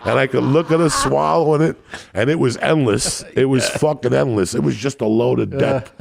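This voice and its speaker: A man's voice: mid-range voice, moderate pace, creaky. A man, a stand-up comedian, telling crude, profane stories on a podcast and laughing at his own jokes.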